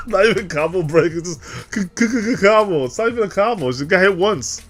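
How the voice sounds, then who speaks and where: A man commentating on a game in a loose, profane, excitable way, laughing often. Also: high voice, a little slow, music in the background. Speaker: streamer.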